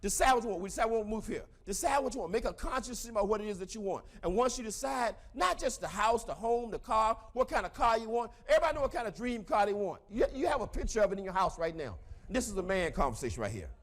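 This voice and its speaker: Fast-talking high-pitched Southern man. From American South. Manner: animated, preachy, repeats key phrases. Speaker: motivational speaker. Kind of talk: seminar talk to a live audience.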